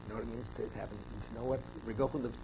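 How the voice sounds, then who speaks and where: Emphatic rabbi teaching a Torah class. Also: male voice, medium pitch, fairly even intonation, racing, gravelly, muffled recording, noisy background. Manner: emphatic, rhetorical questions, repeats phrases while thinking.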